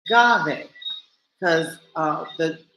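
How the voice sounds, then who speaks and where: Woman vlogger, casual blunt monologue to camera, animated, roomy sound with light background noise. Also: deep voice, extremely slow. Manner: animated, swears freely, talks straight to viewers.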